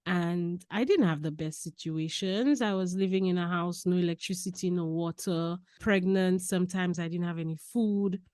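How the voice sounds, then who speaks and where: Podcast guest: a woman with a lowish voice, recorded dry and close, who tells her stories with laughter and repetition. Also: moderate pace, hardly any pauses, no room sound. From Saint Lucia. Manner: lively, laughing storyteller who repeats key phrases. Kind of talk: casual personal storytelling.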